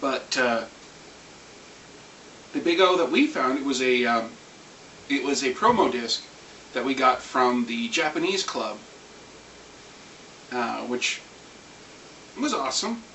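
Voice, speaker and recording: A man's voice: mid-range voice, slow, long pauses. Rambling man in an echoey room. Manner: rambling, animated, swears. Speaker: vlogger ranting about anime. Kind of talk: casual rant. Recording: echoey room, far from mic, faint hiss.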